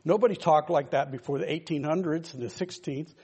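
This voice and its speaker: Gravelly older man preaching. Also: fairly high pitch, fairly quick, a little mellow. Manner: rambling, emphatic preaching with asides to listeners. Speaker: pastor. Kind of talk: informal sermon.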